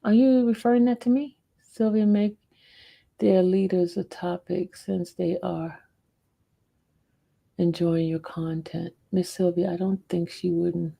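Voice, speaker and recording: A woman's voice: on the low side, gravelly, warm tone, slightly rough. A woman hosting a casual livestream, playfully scolding and teasing her chat in a way of speaking. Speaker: livestream host.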